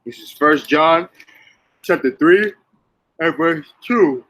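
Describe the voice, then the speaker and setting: Bright-voiced man in casual religious commentary. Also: fairly high pitch, animated, takes it slowly, a little hiss or hum, poor audio. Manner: casual, repeats "man" and "okay".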